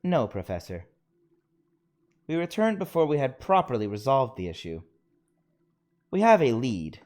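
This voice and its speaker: Man doing a blunt young woman adventurer, animated delivery. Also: medium pitch, measured pace. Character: blunt young woman explorer, matter-of-fact. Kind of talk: reading game dialogue aloud.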